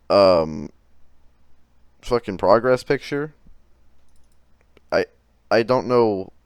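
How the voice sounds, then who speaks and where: A man's voice: on the low side, clear, resonant tone, no room sound, studio quality. A man doing commentary on chat messages, exasperated and profane, often stammering and restarting his sentences. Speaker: commentary YouTuber.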